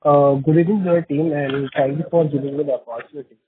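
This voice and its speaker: Polite analyst on a phone line. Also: male voice, a little high, fairly even intonation, fast talker, breathy edge, no echo. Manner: formal and polite, reads prepared questions. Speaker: analyst asking questions. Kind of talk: earnings conference call.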